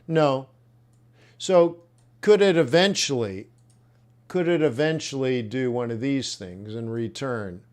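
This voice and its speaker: Slow-talking blunt male trading coach. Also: on the high side, darkish tone. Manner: blunt, thinking aloud, frank reactions. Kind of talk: live trading webinar commentary.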